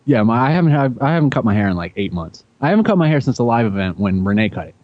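A man's voice: medium pitch, very animated, very fast, no room sound. A man joking in a laid-back way in a casual podcast chat, heard over a muffled line.

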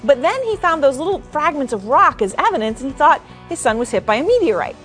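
A woman's voice: sits high, big pitch swings, fast, fairly bright tone, soft background music. A woman co-hosting a radio show, telling a news story in a chatty, offhand way. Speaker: radio co-host reading news stories. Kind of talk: reading a news story casually.

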